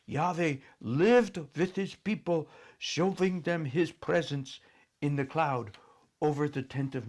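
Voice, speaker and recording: A man narrating a storybook in an expressive, dramatic reading style. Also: fairly high pitch.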